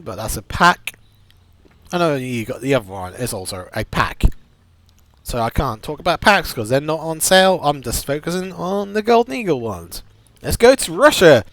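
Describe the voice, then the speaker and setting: A man's voice: medium pitch, fairly bright tone, dry recording. A man giving a casual, rambling game buying guide, full of restarts and enthusiastic asides. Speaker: gaming video host.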